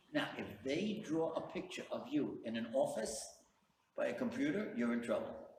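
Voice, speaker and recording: A man, a rabbi, giving an earnest sermon to a live audience and telling stories with direct appeals to his listeners. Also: medium pitch. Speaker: rabbi, lecturer. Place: event hall. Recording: roomy hall, distant mic, faint hum.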